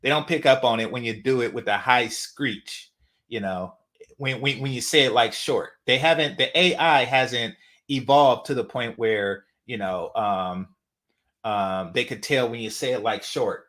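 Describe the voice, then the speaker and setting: A man's voice: medium pitch, a little slow, a bit bright. A man from the Bay Area giving a casual, profane commentary monologue, mocking and repeating phrases for effect. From San Francisco Bay Area. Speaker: commentary channel host.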